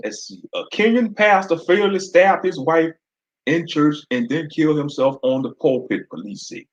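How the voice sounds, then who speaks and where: A man's voice: on the high side, normal speed, dull audio. Slangy man laughing through his commentary. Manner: laughs often, slangy and blunt. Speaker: online commentator. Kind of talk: casual commentary stream.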